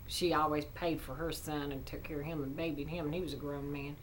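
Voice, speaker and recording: A woman's voice: low voice, fairly even intonation, fairly quick, hardly any pauses, a little hiss or hum, low-quality recording. A middle-aged woman, telling a neighbor story in a chatty, indignant vlog rant. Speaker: vlogger.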